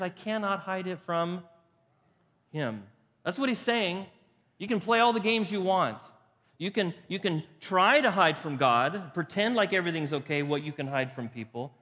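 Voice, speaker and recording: A man's voice: sits high, fairly bright tone. A pastor preaching a conversational sermon. He poses rhetorical questions to the congregation and repeats phrases for emphasis. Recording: long hall reverb.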